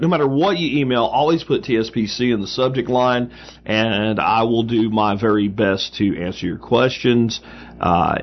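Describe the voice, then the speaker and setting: A man's voice: medium pitch, slight background noise. A man hosting a show talks casually through listener mail. He uses plenty of fillers and breaks into emphatic asides. The recording is a bit dull and lo-fi. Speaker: podcast host. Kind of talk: casual advice talk answering listener mail.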